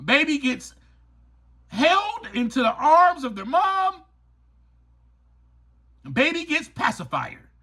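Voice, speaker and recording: A man hosts a motivational podcast in an emphatic, preachy way, circling back to repeat his points. His voice sits high and bright. He talks slowly and with lots of swing in pitch. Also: big pitch swings. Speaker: podcast host and author. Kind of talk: motivational recovery podcast talk.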